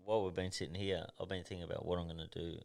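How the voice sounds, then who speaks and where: A man's voice: low voice, very fast, gravelly. Blunt, sweary Australian man. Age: 30s. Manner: blunt and swearing, animated storytelling. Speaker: professional boxer guest. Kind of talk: casual podcast interview.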